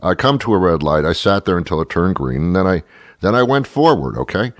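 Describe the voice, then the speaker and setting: A man's voice: sits low, very animated, brisk, dry recording, studio quality. A man hosting a talk radio show, telling a story as a comedic rant, exasperated and sarcastic, with mock-pedantic asides.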